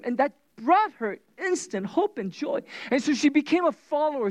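A preacher giving a sermon, retelling scripture as animated storytelling with casual asides. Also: medium pitch, dry recording.

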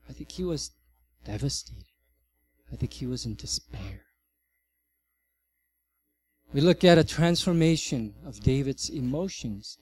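A middle-aged male pastor giving a sermon, swinging from loud, emphatic passages to soft, quiet ones. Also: mid-range voice, a little hiss or hum. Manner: animated, varies loudness widely.

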